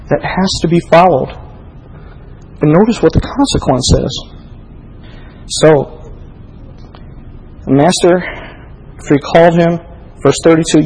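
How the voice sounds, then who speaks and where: A male preacher with a somewhat raised pitch delivers a sermon. He moves between forceful, emphatic reading and hushed, intimate appeals, and keeps pressing his listeners with direct questions. A faint rumble runs underneath his voice. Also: unhurried, pauses often, long reverb tail, low-quality recording.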